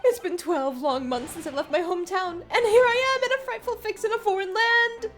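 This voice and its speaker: A woman voicing an excitable, theatrical young male Japanese poet who speaks in melodramatic, alliterative outbursts. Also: very high voice, brisk, faint music behind, pitched above the performer's own voice. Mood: gushing.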